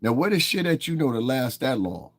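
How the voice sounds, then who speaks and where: A man's voice: medium pitch, big pitch swings, brisk. Profane, confrontational male livestreamer. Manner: profane and confrontational, heated tirade at viewers. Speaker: livestream host. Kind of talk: live-stream commentary, talking to chat.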